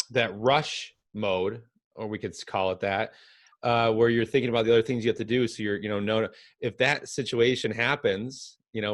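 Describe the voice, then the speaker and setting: A man hosting a podcast, affirming his guest and talking haltingly with many restarts. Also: on the low side. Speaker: podcast host. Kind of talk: casual conversational interview.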